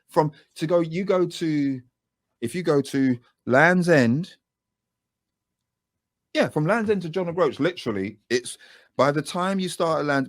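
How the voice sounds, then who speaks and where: British man telling lively anecdotes. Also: on the high side, no echo, clean studio sound. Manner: animated anecdotes with lively asides and laughs. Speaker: guest, music producer and voice actor. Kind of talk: casual interview storytelling.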